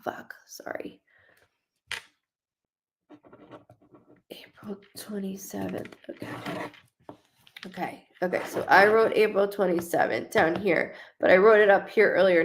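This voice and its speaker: A woman medium giving a live psychic reading, rambling and swearing, often restarting her sentences. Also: on the high side. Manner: rambling, profane, frequent restarts.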